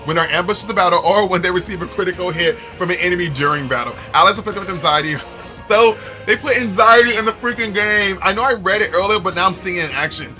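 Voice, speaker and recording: A man's voice: high voice, fast talker, few pauses. A man streaming a video game, joking and reacting animatedly while he talks to his chat. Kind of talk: casual gameplay commentary. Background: game music.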